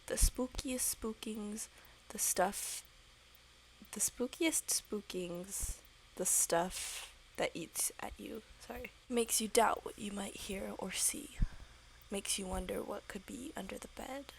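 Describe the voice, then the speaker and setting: A woman's voice: medium pitch, slow, creaky, poor audio. A woman voicing an old, boastful male ghost who speaks of himself in the third person, drawling and half-whispered.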